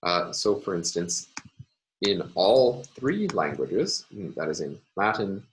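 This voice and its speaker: Male lecturer with a deep voice, measured and hesitant, for a recorded lesson. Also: very animated, a little hiss or hum, poor audio. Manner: hesitant, many ums and uhs, explanatory. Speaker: university lecturer.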